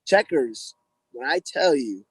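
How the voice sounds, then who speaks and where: A man's voice: mid-range voice, expressive, slow pace, creaky, husky. A man in his twenties from the United States, a guest on a podcast, chatting casually in slang with many restarts. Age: 20s. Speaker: guest, pro fighter. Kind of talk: casual interview chat.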